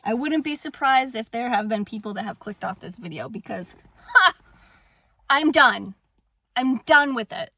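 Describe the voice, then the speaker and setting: A young woman in an impassioned personal monologue, swearing fiercely, swinging between shouting and hushed calm. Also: on the high side, moderate pace, no echo. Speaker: spiritual vlogger.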